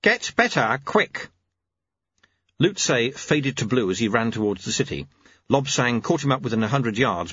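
A man's voice: mid-range voice, slightly rough, no room sound. A man narrating an audiobook in a dry, wry storytelling manner on a dull, lo-fi recording. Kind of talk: scripted narration.

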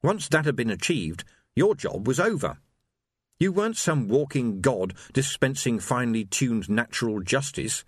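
A man narrating an audiobook in an expressive, wry storytelling voice. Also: mid-range voice, normal speed, husky, no room sound, clean studio sound. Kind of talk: scripted narration.

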